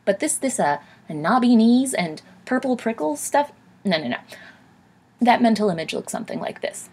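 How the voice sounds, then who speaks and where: A woman's voice: fairly high pitch, moderate pace, breathy edge. A young woman hosting a comedic storybook reading, mixing narration with sarcastic asides. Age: young adult. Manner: playful, sarcastic, animated asides. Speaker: host and reader. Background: background music.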